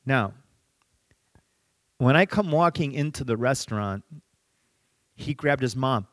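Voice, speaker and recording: A middle-aged man preaches in an easy, conversational storytelling manner, with a voice sitting at an ordinary middle pitch. He drops his voice low and soft to press a point home. The sound is close and dry, with no room around it. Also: expressive, slow, pauses often, no echo. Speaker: pastor. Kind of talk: sermon with storytelling.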